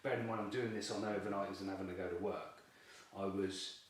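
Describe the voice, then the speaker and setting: A lowish-voiced man tells a story in a loose, chatty way and breaks into laughs often. He sits well back from the mic in a very echoey room, with a faint hiss behind him. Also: quick pace, recorded from a distance. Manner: lively, chatty, laughs often while telling the tale. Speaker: carp angler, fishing team member. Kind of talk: casual storytelling in an interview.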